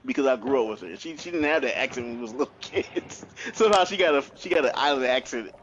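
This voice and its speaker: A man in his thirties on a podcast, telling family stories in an animated, profane way with lots of laughs. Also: medium pitch, fast talker, lo-fi sound, a little hiss or hum. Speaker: podcast co-host. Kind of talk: casual chat.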